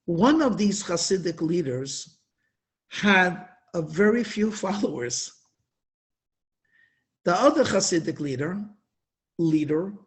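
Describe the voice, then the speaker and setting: A man giving an inspirational religious talk at a Hasidic gathering, telling stories with emphatic, drawn-out stresses. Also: high voice.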